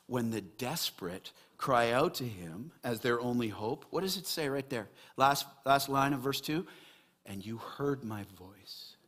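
A man preaching a sermon as pastor, animated, swinging between raised emphasis and quiet, earnest stretches. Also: mid-range voice.

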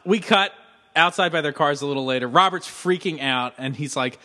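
Sounding as if he's in a large hall, this podcast co-host talks fairly quickly in a voice on the high side. Chatting casually through a TV episode recap, he animatedly performs the characters' lines.

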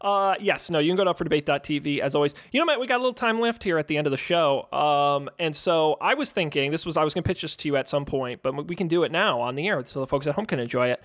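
Guy co-hosting a chatty podcast, kinda high voice, laid back and jokey. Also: fast talker, few pauses, a bit bright. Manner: easygoing, jokey, plugs shows. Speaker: podcast co-host. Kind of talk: casual podcast chat.

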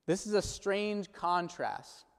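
A man preaching a sermon in a measured, earnest way, slowing down when he quotes prayers and scripture. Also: high voice, lively intonation. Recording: long hall reverb.

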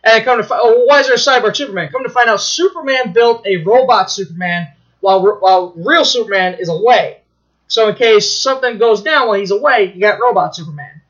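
A man co-hosting a podcast excitedly recounts a plot in casual conversation, cursing freely and restarting sentences. His voice is high and brisk, and the audio sounds dull.

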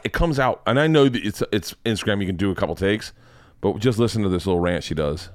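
Man, podcast host, casual chat, rambling, profane, lower voice, dry sound. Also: fairly quick, a little mellow, no echo. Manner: profane, rambling, laughs often.

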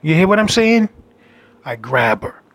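A man telling a rambling story about a date in a brash, casual monologue with loud asides. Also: on the high side, sing-song, measured pace, no echo. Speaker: dating storyteller.

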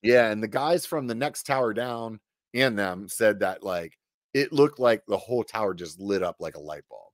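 A man's voice: on the low side, normal speed, no room sound, clean studio sound. Casual middle-aged man telling a war story. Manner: animated, swearing, many "like" fillers. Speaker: podcast guest.

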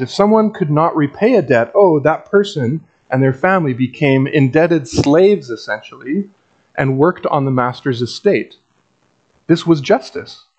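A man's voice: on the high side, a little mellow. A man preaching a sermon as a pastor in a conversational, wry way with dry asides.

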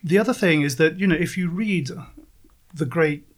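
A man with a fairly high voice argues his case emphatically as a guest in casual political chat. He presses each point with blunt conviction. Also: moderate pace. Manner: emphatic, argumentative.

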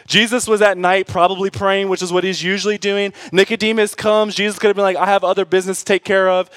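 This pastor's high voice comes through with no echo as he preaches an animated, conversational sermon, frequently tossing quick asides to the congregation.

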